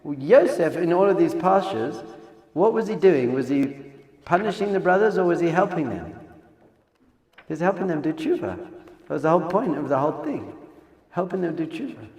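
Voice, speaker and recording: Animated rabbi with heavy hall echo. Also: male voice, a little high, normal speed, long pauses. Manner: animated, swings between hushed and loud exclamations. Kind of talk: Torah class. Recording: echoey hall sound effect.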